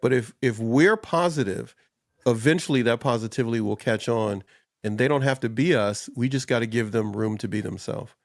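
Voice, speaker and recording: A man co-hosting a casual chat over a video call, easygoing and quick to joke and laugh. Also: medium pitch, no room sound, studio quality. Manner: easygoing, jokey, laughs often.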